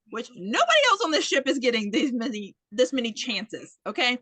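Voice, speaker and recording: Woman podcast co-host, high voice, bright tone, dry close sound, animated casual recap. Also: normal speed, few pauses, dry recording. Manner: animated storytelling, acting out quotes, swears freely. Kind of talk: casual movie recap chat.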